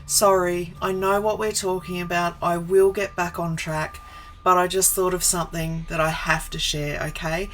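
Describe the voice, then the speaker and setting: A woman's voice: lowish voice, level tone, moderate pace, fairly bright tone, a little hiss or hum, poor audio. A woman in her forties chatting casually on a live stream from her home office, greeting viewers by name and wandering into asides. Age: 40s.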